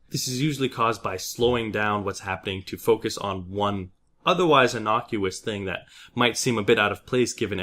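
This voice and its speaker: Fast-talking young man explaining writing craft. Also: fairly low pitch, fairly bright tone. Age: young adult. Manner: brisk, lecturing, with emphatic stresses. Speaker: vlog host teaching writing. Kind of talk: scripted explainer. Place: new indoor space.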